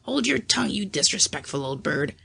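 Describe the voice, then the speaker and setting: An audiobook reader voicing a gruff, sharp-tongued old aunt who scolds, raised in pitch. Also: very animated, fairly quick, heavily acted. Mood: scolding. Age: older.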